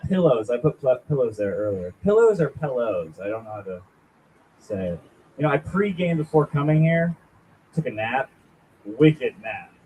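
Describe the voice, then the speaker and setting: A man's voice: medium pitch, animated, normal speed, a little mellow, a little hiss or hum, rough recording. A young man doing a rambling, self-deprecating stand-up set at a small open mic, chatting with the crowd. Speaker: stand-up comic.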